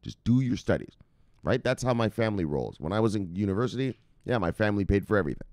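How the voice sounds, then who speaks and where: A man from Jamaica rants straight to the camera as a crypto news host, and his talk is full of swearing and sarcasm. His voice sits a little low but swings widely up and down. The sound is close and dry. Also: expressive, quick pace, a little mellow, no echo. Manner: profane, heated, sarcastic. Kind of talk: casual opinion rant to camera.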